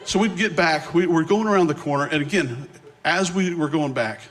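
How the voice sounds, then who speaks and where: His pitch runs fairly high as this middle-aged guest speaker shares a personal story in a sermon. The delivery is animated and self-mocking, with rapid restarts.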